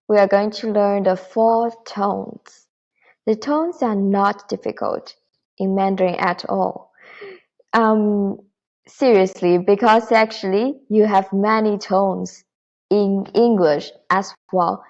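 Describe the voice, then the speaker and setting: A woman teaching a beginner Mandarin lesson, patiently and clearly demonstrating tones. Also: mid-range voice, darkish tone, highs cut off.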